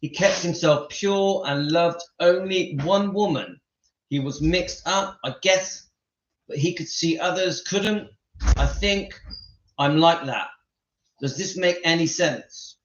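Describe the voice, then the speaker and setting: A man voicing a gentle, polite young male singer who speaks softly, earnestly and quickly. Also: fairly high pitch. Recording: echoey dull-sounding room.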